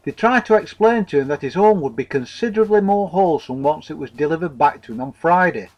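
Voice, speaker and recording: A man's voice: on the high side, a little mellow, low-quality recording. A man narrating a comic story in a wry, profane way.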